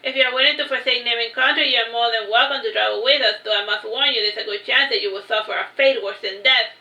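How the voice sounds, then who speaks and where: A woman's voice: on the high side, fast, pushed and bright, far from the mic. A woman reading the lines of a stern, aloof non-human heroine in a second-person story. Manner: stern, dismissive. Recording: roomy echo.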